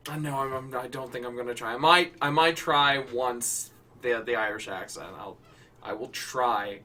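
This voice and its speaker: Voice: medium pitch, normal speed, sharp tone, far from the mic, a little hiss or hum. A storyteller who reads his own short fiction, swearing and joking about himself between the lines. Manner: swearing, self-deprecating, hesitant between lines. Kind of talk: casual storytelling with asides.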